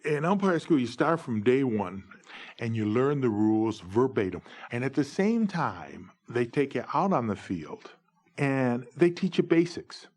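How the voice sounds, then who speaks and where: Middle-aged man from New York State, husky voice, mid-range pitch, animated storyteller who voices the other people in his tales. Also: a little slow. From New York State, USA. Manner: animated, acts out dialogue with big pitch jumps. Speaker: former umpire telling his stories. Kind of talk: anecdotal storytelling.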